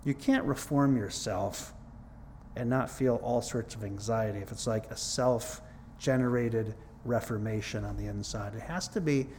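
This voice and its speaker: A man's voice: mid-range voice, a little slow, darkish tone, a little hiss or hum. A middle-aged man preaching a sermon in a conversational, earnest way, mixing scripture with his own testimony. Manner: conversational, earnest, repeats "it's like, whoa".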